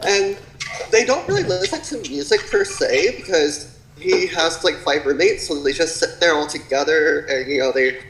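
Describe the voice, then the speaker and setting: A man's voice: fairly high pitch, lively intonation, normal speed, fairly bright tone. A young man, a podcast guest, telling stories and acting out quotes with casual swearing. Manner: storytelling, acts out quotes, swears. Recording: echoey room, faint background noise.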